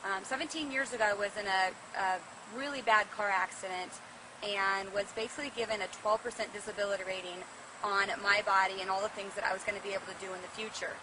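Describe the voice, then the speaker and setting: A woman's voice: mid-range voice, steady tone, quick pace. A woman from Nebraska giving an earnest testimonial about her recovery from pain. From Nebraska, USA. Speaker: testimonial speaker. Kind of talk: personal testimonial. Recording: distant mic with loud noise.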